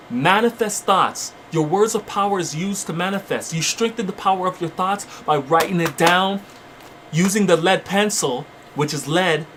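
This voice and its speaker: Man, high voice, fiery exhorting preacher, faint background hiss. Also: fairly bright tone. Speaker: channel host. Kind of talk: spiritual motivational preaching.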